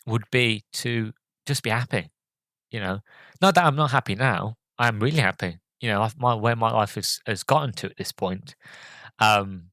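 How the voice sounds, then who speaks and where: A man hosting a podcast, talking through a movie review in a halting, hesitant way with many fillers, audibly choked up and emotional. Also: fairly low pitch, fairly bright tone, no room sound. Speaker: podcast host.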